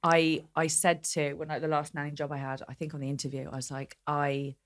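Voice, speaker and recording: A young woman guests on a comedy podcast in a lowish voice. She tells stories with animated energy and a teasing, sarcastic edge. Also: fast. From West London. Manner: animated storyteller, playful sarcasm. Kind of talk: casual comedy chat.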